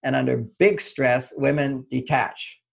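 An older man, an author guest on an interview, telling stories in an animated way and acting out quoted dialogue. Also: mid-range voice, measured pace, gravelly. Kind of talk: conversational storytelling interview.

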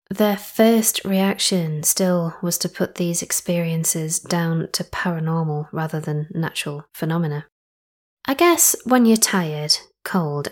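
A woman's voice: low-pitched, a little mellow. Chatty young woman podcast host. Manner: chatty, rambling asides and self-corrections. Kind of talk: casual podcast narration.

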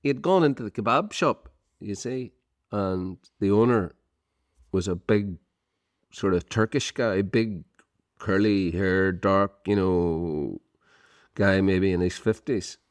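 A man's voice: low-pitched, slow pace, dry recording. A middle-aged Irish man co-hosting a podcast, telling a rambling story with lots of "you know" and chuckles. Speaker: podcast co-host. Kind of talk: casual storytelling chat.

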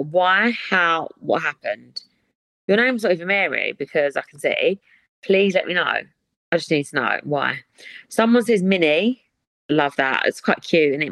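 Chatty woman, lowish dry voice. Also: fairly bright tone, no echo. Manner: chatty, giggly, dramatic reactions. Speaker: podcast host. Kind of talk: casual chat.

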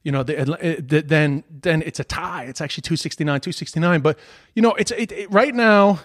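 A high-voiced man hosts a casual podcast, cursing freely as he rants and jokes. His voice sits dry and close, with no room around it. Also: a little fast, dry recording. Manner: heavy swearing, animated ranting. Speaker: podcast host. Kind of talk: casual chat.

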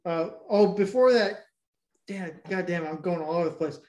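A man's voice: high-pitched, moderate pace, darkish tone, roomy sound. A man retelling a movie in casual chat, rambling, swearing freely and doubling back on himself. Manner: rambling, profane, jumps back and forth. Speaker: podcast co-host recapping a movie.

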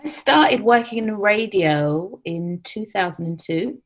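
A woman's voice: mid-range voice, expressive, measured pace. A woman radio producer guesting on a chat podcast, talking directly and repeating key words for emphasis. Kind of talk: casual chat.

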